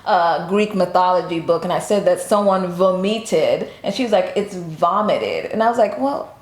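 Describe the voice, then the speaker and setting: A woman's voice: on the low side, fast talker. Chatty young woman in an echoey room. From Nigerian family, raised in America. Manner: animated, laughing, teasing banter. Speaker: host. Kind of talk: casual chat.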